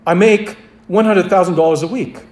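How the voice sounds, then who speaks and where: A man voicing a calm, self-assured shipwrecked churchgoer in a joke told during a sermon. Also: high-pitched, moderate pace, roomy sound, lightly acted. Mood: smug.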